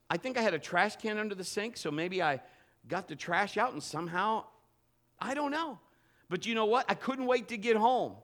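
A man preaching a sermon as pastor, telling a humorous personal story in an animated way. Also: high voice.

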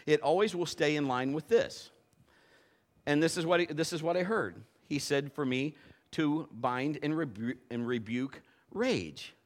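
A male pastor preaching a sermon at a church service, telling a personal story in an animated way and acting out the voices of the people in it. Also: fairly high pitch, unhurried.

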